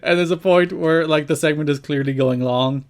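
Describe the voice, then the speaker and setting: A young adult man co-hosting a podcast, recapping wrestling shows in casual chat and telling the story with lively enthusiasm. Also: a little high, moderate pace. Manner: enthusiastic, animated storyteller who acts out quotes. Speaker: podcast co-host.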